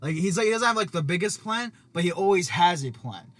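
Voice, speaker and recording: A man's voice: sits high, animated, a little fast, fairly bright tone, no echo, studio quality. A man co-hosting a casual anime podcast from his workplace parking lot, earnestly explaining why the characters act as they do. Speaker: podcast co-host. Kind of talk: casual anime recap chat.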